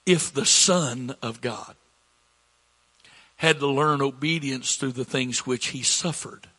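Middle-aged male pastor, deliberate sermon delivery, raspy and forceful tone. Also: medium pitch. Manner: slow, repetitive preaching, rising with emphasis, coughs between lines.

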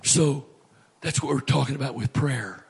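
A middle-aged male pastor preaching a sermon, animated, swinging from loud to hushed. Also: medium pitch, moderate pace, gravelly, husky.

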